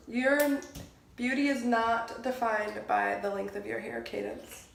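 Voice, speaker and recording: A woman's voice: on the high side, measured pace, creaky. A woman vlogging casually to camera, chatty and self-mocking, often breaking into nervous laughter. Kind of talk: casual vlog chat to camera. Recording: echoey room with background noise.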